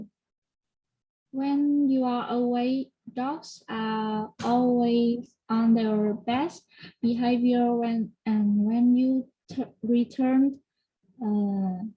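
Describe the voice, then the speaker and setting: Brief: female language student, hesitant, slow, husky, dull lo-fi recording. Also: on the high side, steady tone. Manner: hesitant, many fillers. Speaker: English learner. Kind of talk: spoken exam practice answer. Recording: dull lo-fi audio.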